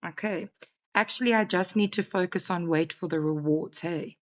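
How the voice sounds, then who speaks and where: A woman's voice: on the low side, moderate pace, lo-fi sound. A woman English teacher giving an exam revision lesson, talking a class through a text and often checking in with "okay".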